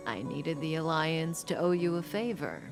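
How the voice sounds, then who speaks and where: An actress playing a calm, enigmatic woman who speaks of the future in a measured, knowing way, sometimes dropping to a whisper, in a game cutscene. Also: low voice, over music. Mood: cryptic calm. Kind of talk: video game cutscene dialogue.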